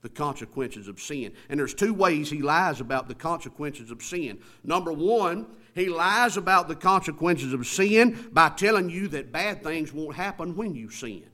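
A man preaching a sermon, asking the congregation rhetorical questions, reading scripture aloud and building up to loud, emphatic passages. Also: fairly high pitch, animated, normal speed, hardly any pauses. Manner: reads scripture aloud in King James wording.

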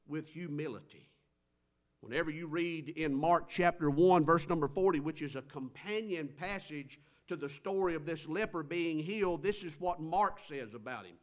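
A man preaching a sermon, swinging between loud stressed phrases and quiet drawn-out words. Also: fairly high pitch.

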